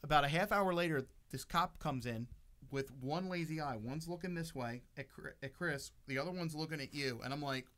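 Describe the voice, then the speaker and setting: A man telling a story on a podcast in a casual, profane, animated way. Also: a little high, brisk. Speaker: podcast co-host.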